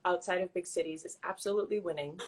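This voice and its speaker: A woman's voice: lowish voice, steady tone, fast. Laughing woman hosting a casual chat. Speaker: host.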